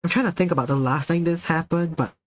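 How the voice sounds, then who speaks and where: This man, with a somewhat high voice and quick pace, streams live and banters casually with viewers, excitable and laughing often, swearing as he reacts. The low-quality recording has no echo.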